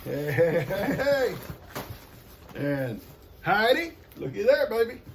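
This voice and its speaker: A man's voice: sits high, big pitch swings, slow pace. An older man, chatting casually and folksily to camera while opening gifts and talking to his pets. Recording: noisy home recording.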